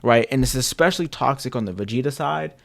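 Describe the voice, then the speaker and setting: A male streamer talking off the cuff in a mid-pitched voice. He rambles through slang and swearing, often restarting his sentences. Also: expressive, fast, gravelly. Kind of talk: casual chat.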